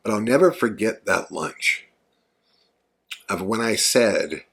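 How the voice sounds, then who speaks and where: A man's voice: fairly low pitch, animated, takes it slowly, vocal fry, a bit bright, slightly rough. A man hosting a podcast, telling a story in a rambling, earnest, conversational way with lots of fillers. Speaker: podcast host. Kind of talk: casual storytelling monologue.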